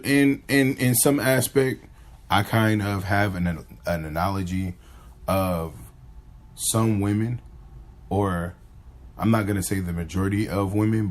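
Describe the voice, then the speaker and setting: A man with a low-pitched voice hosts his own podcast, talking off the cuff. He rambles, restarts his sentences and slips into livelier voices when he acts out pickup lines. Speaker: podcast host. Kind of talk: casual monologue.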